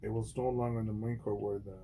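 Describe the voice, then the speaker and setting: A man's voice: little pitch movement, fast talker, dark tone, a little hiss or hum. A man who is a former Marine, talking bluntly and profanely in an unscripted vlog monologue, with many restarts. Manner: mimics others in a high mocking voice.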